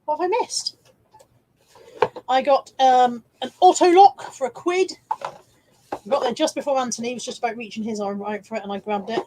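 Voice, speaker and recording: A woman's voice: fairly high pitch, normal speed, pauses often, warm tone, a little hiss or hum. A woman hosting a casual live stream, showing car boot finds and reading viewer comments with chatty, self-mocking asides, hiccuping now and then.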